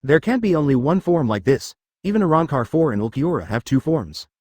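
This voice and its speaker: A man reads a story aloud in steady scripted narration. His pitch is mid-range but lively, rising and falling throughout. The sound is dry and close, with no room echo. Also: a little fast.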